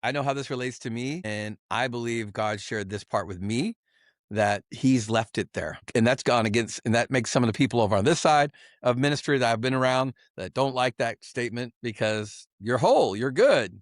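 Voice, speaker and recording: A middle-aged man giving a candid personal testimony as a podcast guest, earnest and confessional, halting with many fillers and restarts. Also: mid-range voice, dry recording, studio quality. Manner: halting, full of "you know" fillers and restarts.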